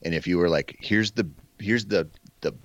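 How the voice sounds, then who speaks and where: A man with a very low voice tells relaxed hunting stories, slipping in "man" and "freaking". The sound is dry and a little dull, like a lo-fi podcast mic. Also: moderate pace, dry recording. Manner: easygoing storyteller, says man and freaking. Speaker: podcast guest. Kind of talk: casual hunting talk.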